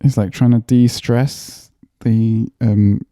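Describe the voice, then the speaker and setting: Male podcast co-host, very dark mellow tone, fairly low, dry sound. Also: steady tone, slow, dry recording. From London. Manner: chatty, acts out quoted lines, laughs often. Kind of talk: casual film discussion.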